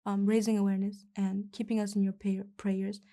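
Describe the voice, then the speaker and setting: A young woman from East Turkestan, speaking softly and hesitantly as an interview guest, with frequent fillers. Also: mid-range voice, level tone, a little fast. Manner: soft-spoken, hesitant with fillers. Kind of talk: personal interview.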